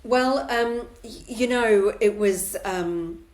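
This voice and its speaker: A woman's voice: mid-range voice, slow, darkish tone. A middle-aged woman journalist, a guest on an interview podcast, telling her story in a candid, forthright way.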